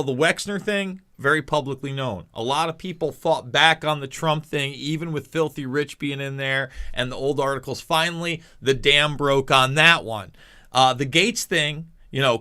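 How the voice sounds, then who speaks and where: A man's voice: on the high side, pushed and bright. A man hosting an interview, emphatically summing up points for the audience. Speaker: interview host. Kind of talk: interview conversation.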